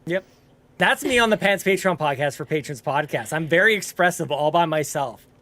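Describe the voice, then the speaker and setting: A man's voice: a little high, lively intonation, normal speed, sharp tone. A man hosting a gaming podcast, joking around in casual, playful banter with a co-host.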